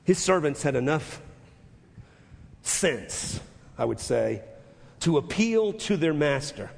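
Male pastor, high and husky, emphatic repeating sermon style, long reverb of a big sanctuary. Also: very animated, takes it slowly. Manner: retells scripture with emphatic repetition, dropping to soft intensity. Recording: long reverb of a large hall.

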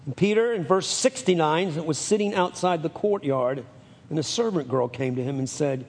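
A man preaches from the pulpit with a husky, fairly high voice that swings widely as he acts out the scripture's lines. The sound carries a long reverb from a church hall. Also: normal speed. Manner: animated, acts out scripture dialogue. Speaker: pastor. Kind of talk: sermon.

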